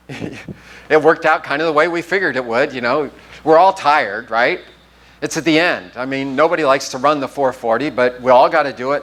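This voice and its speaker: A man preaching a sermon as pastor, telling a personal story and acting out the dialogue. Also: mid-range voice. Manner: animated storytelling, acts out the dialogue. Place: church sanctuary.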